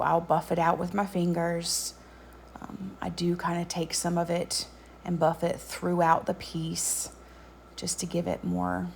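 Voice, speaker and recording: A woman narrating a craft tutorial voice-over in a relaxed, chatty way with frequent ums. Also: lowish voice, vocal fry, slight background noise.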